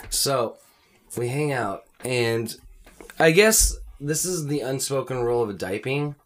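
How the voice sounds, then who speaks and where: Animated, swearing male storyteller. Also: mid-range voice, slow, slight background noise. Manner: rambling profane storyteller, animated. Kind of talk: casual chat.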